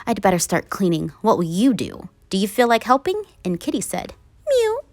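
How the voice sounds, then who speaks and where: A woman reading a rhyming children's picture book aloud in an animated, singsong way. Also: mid-range voice, a little fast, no room sound. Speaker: read-aloud narrator.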